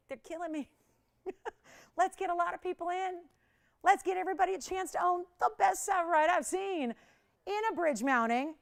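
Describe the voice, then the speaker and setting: A woman hosting a live TV jewelry shopping show, chatty and animated, laughing often and counting prices down. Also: sits high. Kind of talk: live TV sales pitch. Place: TV shopping studio.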